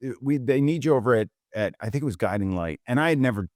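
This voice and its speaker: A man's voice: mid-range voice, quick pace, no echo, studio quality. A middle-aged man telling stories in a casual interview, acting out the people he quotes and using "like" a lot. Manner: animated storyteller who acts out quotes with lots of "like". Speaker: guest photographer.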